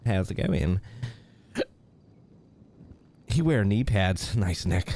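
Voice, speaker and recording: Male streamer with a lowish voice, easygoing live-chat host who keeps chuckling. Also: big pitch swings, drawn-out words, pauses often, darkish tone. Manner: reads viewer names aloud, chuckles often. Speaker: livestream host.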